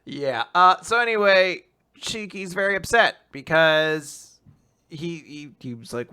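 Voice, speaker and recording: A young adult man co-hosting a casual manga recap podcast, animated and laughing often as he acts out scenes. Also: on the high side, normal speed, clear, resonant tone. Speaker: podcast co-host.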